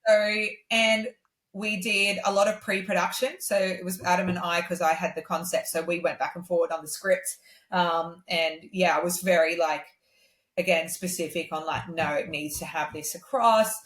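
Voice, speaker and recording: A woman's voice: normal speed, echoey room. An Australian woman, a singer-songwriter, telling stories in a casual podcast interview, with lots of "um" and "like" fillers. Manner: animated, acts out others' lines in a much higher voice; many "um" and "like" fillers.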